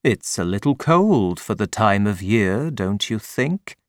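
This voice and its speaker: A man reading an audiobook, voicing a calm, clever detective with a measured, dryly ironic manner. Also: fairly low pitch, dry recording, studio quality, pitched below the performer's own voice, heavily acted.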